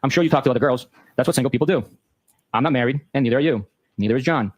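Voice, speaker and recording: A man hosting a show, reading a long exchange of text messages aloud in a brisk, matter-of-fact way. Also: medium pitch, a little mellow, no echo. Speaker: host.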